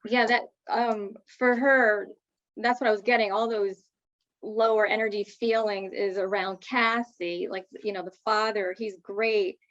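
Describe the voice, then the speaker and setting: A woman giving medium readings as a guest, in a soft, reassuring manner with hesitant fillers. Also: medium pitch, fairly even intonation, a little slow, no echo, muffled recording. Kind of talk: spiritual reading, casual chat.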